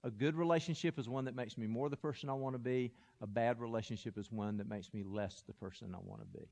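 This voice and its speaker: A man preaching a sermon, telling a story with animated, building energy. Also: medium pitch, fast, vocal fry, big-room sound. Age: adult. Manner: animated, builds to loud excited peaks when telling a story. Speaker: pastor.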